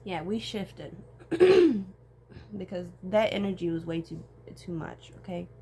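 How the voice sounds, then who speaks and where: A woman's voice: lowish voice, sing-song, slow pace, mellow, slightly rough. Rambling, tearful young woman vlogging. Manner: rambling, swearing, voice swings between tearful and laughing. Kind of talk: emotional personal vlog. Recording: faint background noise.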